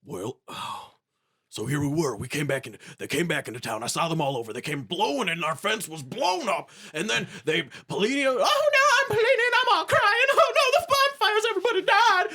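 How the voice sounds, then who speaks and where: A man's voice: sits high, expressive, brisk, pushed and bright, voice pushed up, exaggerated voice. A man doing a hollering old country geezer. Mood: rowdy. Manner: folksy, hollering, swearing. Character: rowdy old rural man recapping.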